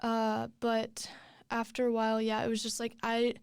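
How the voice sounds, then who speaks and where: A young woman talks through her story as a podcast guest, rambling and restarting with plenty of fillers. Her voice sits a little high and sounds smooth and clear. The recording is close and dry, with no room sound. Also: monotone, moderate pace, dry recording. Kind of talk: casual chat.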